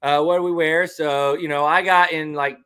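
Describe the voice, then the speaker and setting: Bright-voiced man chatting casually. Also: a little high, steady tone, moderate pace, smooth. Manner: easygoing, rambling, many fillers. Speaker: livestream co-host. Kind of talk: casual live chat.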